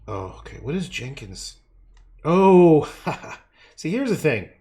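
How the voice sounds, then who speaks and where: A man's voice: medium pitch, huge pitch swings, a little slow. A man livestreaming as he paints, rambling to himself with casual swearing and self-mocking jokes. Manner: playful, self-mocking asides. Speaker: painter livestreaming his work. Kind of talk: rambling live commentary while painting.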